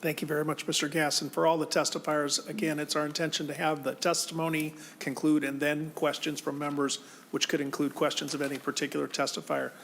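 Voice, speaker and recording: A man's voice: on the high side, flat delivery, brisk, creaky, a bit bright, slight background noise. A man chairing a legislative hearing, calling testifiers in a polite, procedural way. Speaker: committee chair.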